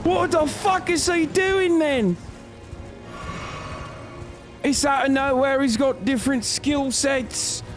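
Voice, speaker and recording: A man's voice: extremely high pitch, slow pace, pauses often, soft background music, pitched above the performer's own voice. A man doing a cocky, constantly swearing Scouse lad voice while playing a game. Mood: frantic. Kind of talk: comic put-on voice while gaming.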